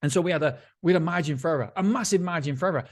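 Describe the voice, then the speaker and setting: A man's voice: fairly high pitch, very fast. Blunt, swearing motivational podcast host man. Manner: blunt and candid, swears freely; repetitive, restarts sentences. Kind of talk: casual motivational monologue.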